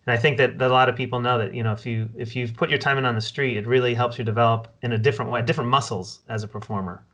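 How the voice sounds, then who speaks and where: Bright-voiced male podcast host. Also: medium pitch, fairly even intonation, rapid-fire. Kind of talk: casual podcast interview.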